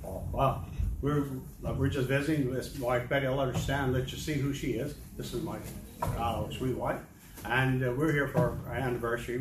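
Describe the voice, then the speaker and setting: An older American man giving a rambling, humorous church testimony as a missionary, with many restarts and chuckles. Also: mid-range voice. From United States. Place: large church hall. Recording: echoey hall, distant mic, ambient noise.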